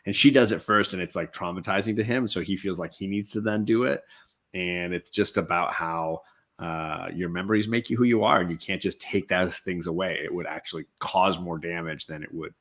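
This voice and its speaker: A man with a very deep, low voice hosts a laid-back hangout chat. He talks easily and laughs often between thoughts. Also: fairly quick, a bit bright. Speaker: host. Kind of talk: casual chat.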